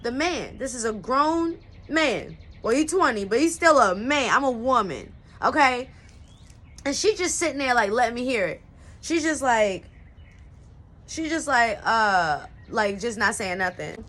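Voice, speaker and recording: A woman's voice: high-pitched, lively intonation, measured pace, bright, forceful tone. A young woman telling a personal story in a casual, slangy style, full of "like" and "you know what I'm saying.". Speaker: storyteller vlogger.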